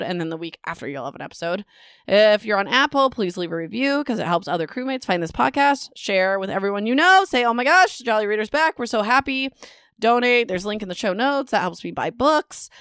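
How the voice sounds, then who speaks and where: A bubbly woman hosts a casual book podcast into a home microphone, with a smooth and clear voice. She laughs at herself and trips over words as she reads. The sound is close and dry, with no room echo. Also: mid-range voice, animated, fast talker, fairly bright tone. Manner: bubbly and self-mocking, stumbles over words while reading. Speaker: podcast host.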